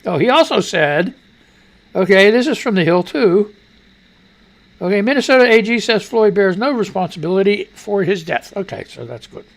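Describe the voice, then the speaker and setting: Male radio host, gravelly and sarcastic, lively pitch, rambling news commentary. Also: moderate pace. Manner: crude, mocking, rambling asides.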